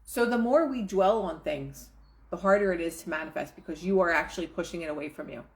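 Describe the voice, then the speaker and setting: A manifestation coach with a lowish, fairly quick voice reads aloud from a self-help book. She keeps breaking off into casual, chatty commentary and slips into quoted inner voices.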